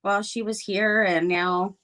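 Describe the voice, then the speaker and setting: A woman's voice: medium pitch, steady tone, measured pace, a bit bright. A middle-aged woman chatting casually while she crafts live, rambling with many fillers and restarts. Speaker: crafting livestream guest.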